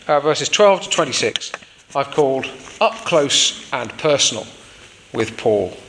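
A man's voice: fairly high pitch, a bit bright, in a large hall, a little hiss or hum. A man preaching a sermon in an informal, explanatory way with frequent fillers.

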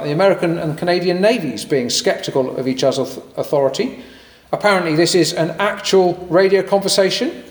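Animated preacher in an echoey hall. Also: male voice, on the high side. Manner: animated, conversational, with fillers and asides. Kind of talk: sermon. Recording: echoey hall with long reverb.

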